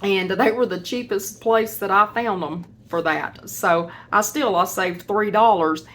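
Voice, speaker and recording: A woman's voice: mid-range voice, measured pace, fairly bright tone. Chatty woman tallying grocery savings. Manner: chatty, rambling, self-correcting about prices. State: hiccups. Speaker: homesteading vlogger. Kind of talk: casual grocery haul chat.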